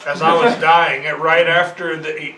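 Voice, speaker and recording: Stammering man, player, high bright voice, echoey room. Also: level tone, moderate pace, far from the mic. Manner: stammering, questioning. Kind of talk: tabletop game chat. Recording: echoey room with faint noise.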